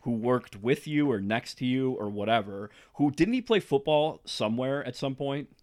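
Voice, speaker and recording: A man's voice: medium pitch, lively intonation, moderate pace, a little mellow. Teasing man chiming in on a podcast. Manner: teasing, chiming in with jokes and prompts. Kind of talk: casual chat.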